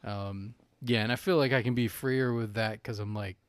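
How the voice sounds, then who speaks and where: A man's voice: fairly low pitch, fairly even intonation, normal speed, smooth, no room sound. A man from North Carolina co-hosting a podcast in casual chat, rambling with lots of "like" and "you know" and laughing easily. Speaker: podcast co-host.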